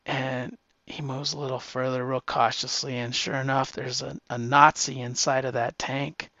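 A man's voice: mid-range voice, little pitch movement, normal speed, pushed and bright, no echo. A man retelling a war comic's plot in a casual, rambling way, with restarts and profanity. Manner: rambling, with many fillers and restarts. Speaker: guest answering a question. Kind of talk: casual storytelling. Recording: dull, slightly lo-fi dry sound.

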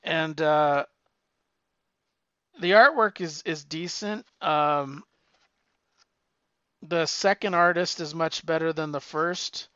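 A man's voice: on the high side, takes it slowly, pauses often, fairly bright tone, smooth, no room sound, muffled recording. A man casually chatting as a podcast co-host, rambling and stumbling over restarts and fillers. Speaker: podcast co-host reviewing comics. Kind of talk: casual chat.

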